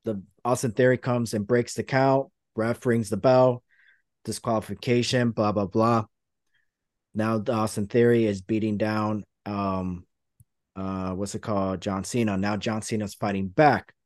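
A man's voice: lowish voice, level tone, unhurried, darkish tone, dry recording, clean studio sound. A man hosting a podcast, rambling through a play-by-play retelling in casual chat. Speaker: podcast host.

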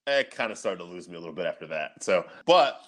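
A man's voice: low-pitched, lively intonation, quick pace, a bit bright. Laughing, rambling male podcast co-host. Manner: loose, rambling, laughs a lot, swears casually. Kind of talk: casual chat.

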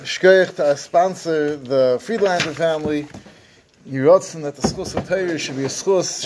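Man, slightly raised pitch, Torah class, verse-by-verse explanation, faint background noise. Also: moderate pace. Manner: explains verses phrase by phrase, mixing Hebrew and Yiddish terms. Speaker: Torah teacher.

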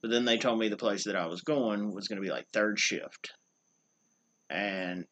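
A man's voice: on the low side, normal speed, a bit bright. A young man, co-hosting a podcast and telling a long, rambling work story with wrestling slang. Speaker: podcast co-host. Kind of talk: casual storytelling chat.

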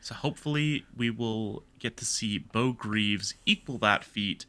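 Bright-voiced chatty podcast host. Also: male voice, on the low side, a little slow. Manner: chatty, laughs easily. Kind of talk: casual chat.

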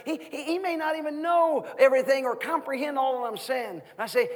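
A man in his thirties preaching a sermon as guest minister, asking the congregation questions in an animated way. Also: very high voice, fairly quick, few pauses, long reverb tail. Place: church sanctuary.

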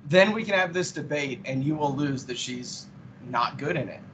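A man's voice: on the high side, animated, moderate pace, a bit bright, slight background noise, poor audio. Opinionated podcast co-host man. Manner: opinionated, critical. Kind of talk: casual chat.

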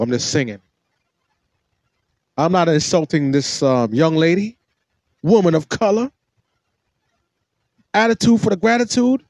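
High, animated sarcastic male commentator. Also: no room sound. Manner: mocking, sarcastic, swings between shrill and low. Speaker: podcast host commentating on a clip. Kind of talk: reaction commentary.

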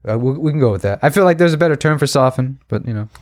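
A man's voice: mid-range voice, lively intonation, rapid-fire, no echo. Crude, joking male podcast co-host, dry sound. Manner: joking, crude, profane banter. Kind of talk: casual podcast chat.

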